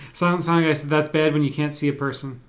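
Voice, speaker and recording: Laid-back New man. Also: on the high side. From New Jersey, USA. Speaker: livestream host. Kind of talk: casual livestream chat, reading viewer comments.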